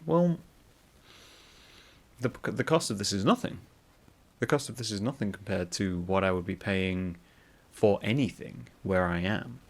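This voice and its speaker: A middle-aged man from northern England hosting a solo podcast, rambling and self-mocking as he talks through an anecdote. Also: lowish voice. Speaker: podcast host.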